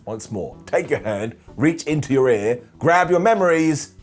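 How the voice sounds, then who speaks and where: A man hosting a wrestling ranking video, losing his voice and talking in an animated, theatrical way. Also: mid-range voice, soft background music. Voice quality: husky. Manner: animated and theatrical, dramatic pauses. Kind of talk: opinionated ranking commentary.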